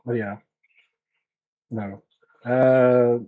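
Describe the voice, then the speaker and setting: Mellow, husky man chatting on a repair stream. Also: medium pitch, little pitch movement, slow, muffled recording. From Sweden. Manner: chatty, muttering to himself and to chat. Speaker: livestreamer repairing electronics. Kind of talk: casual live-stream chat while working.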